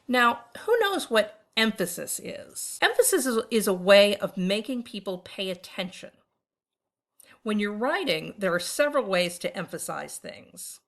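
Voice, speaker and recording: A middle-aged woman, an art teacher, explaining a lesson in clear instructional narration and asking questions to her listeners. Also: medium pitch, very animated, a little slow, a bit bright.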